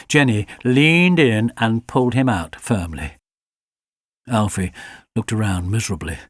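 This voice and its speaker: Lively, unhurried male storybook narrator. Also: medium pitch, no echo, clean studio sound. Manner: lively and expressive. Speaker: audiobook narrator.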